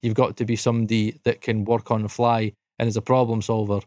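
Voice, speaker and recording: A man's voice: on the low side, a little fast, no echo, studio quality. Sweary Dundee man spinning a yarn. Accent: Scottish (Dundee). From Dundee, Scotland. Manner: animated, swears freely, laughs through the story. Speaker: podcast co-host. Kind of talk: casual anecdote telling.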